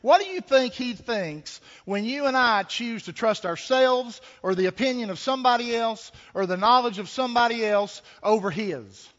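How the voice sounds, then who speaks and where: A man's voice: extremely high pitch, expressive, moderate pace, few pauses, a bit bright. A man preaching a sermon, folksy and conversational, with rhetorical questions and a homespun story. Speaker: pastor. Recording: echoey hall, dull lo-fi sound.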